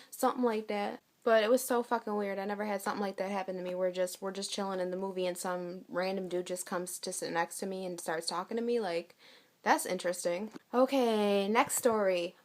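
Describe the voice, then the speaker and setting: A young woman telling a storytime vlog in a blunt, profane, casual way, acting out what she and others said. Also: mid-range voice. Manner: blunt, profane, with acted-out quotes. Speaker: vlogger.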